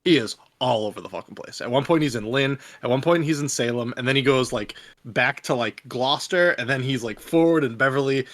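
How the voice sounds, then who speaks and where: A man's voice: medium pitch, a little fast, a bit bright, no room sound. Wry man. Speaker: podcast co-host. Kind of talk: casual chat.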